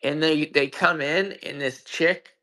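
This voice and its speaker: A man's voice: fairly high pitch, fairly even intonation, unhurried, sharp tone. A man telling a personal story in casual chat on an audio call, profane and emphatic, with frequent restarts. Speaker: guest. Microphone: own mic on a social audio call.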